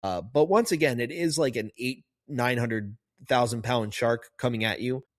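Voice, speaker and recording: Man, podcast host, chatty, rambling, mid pitch, dry close sound. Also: moderate pace, no room sound. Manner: chatty, rambling, many fillers. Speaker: podcast host, marine biologist. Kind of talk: casual podcast commentary.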